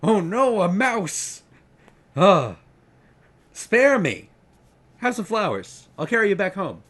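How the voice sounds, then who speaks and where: A man's voice: high voice, sing-song, takes it slowly, a bit bright, pitched above the performer's own voice, heavily acted. A man doing Wild King Macpherson, a grumpy eagle. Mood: exasperated. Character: grumpy, huge male golden eagle king.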